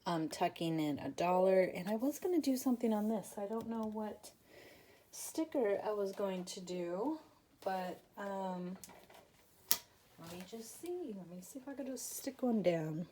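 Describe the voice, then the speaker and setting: A woman's voice: medium pitch, expressive, measured pace, dark tone, a little hiss or hum. A woman hosting a casual papercraft tutorial, chatty and self-deprecating, with lots of fillers, and tired and yawning. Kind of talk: casual craft tutorial chat.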